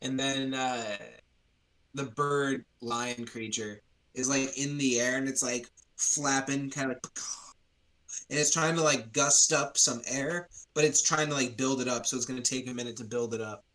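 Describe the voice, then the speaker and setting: Bright-voiced casual game master. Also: mid-range voice, fairly even intonation, measured pace, poor audio. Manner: rambling, filler-heavy, casual. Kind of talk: narrating a tabletop game.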